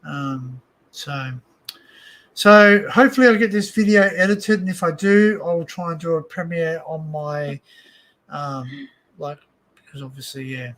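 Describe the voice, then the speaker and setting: A man's voice: fairly high pitch, measured pace, a bit bright. A man with an Australian accent hosting a casual home livestream, rambling with lots of fillers and restarts. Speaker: livestream host. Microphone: desk microphone.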